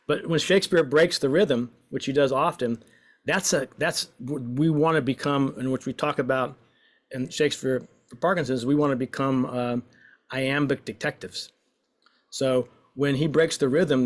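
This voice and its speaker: A man leading a voice and poetry exercise, encouraging and playful, stretching out lines as he recites. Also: mid-range voice. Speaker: workshop leader.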